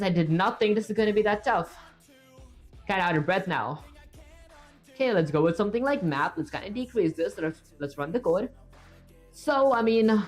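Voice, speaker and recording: A woman streams herself writing code and chats loosely with viewers as she works. Her voice sits in a middle pitch and she rambles, filling gaps with stock filler words. Soft music plays underneath. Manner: chatty, rambling, with filler words and self-talk. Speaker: streamer coding live. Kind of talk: casual livestream commentary while coding. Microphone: streaming setup with webcam.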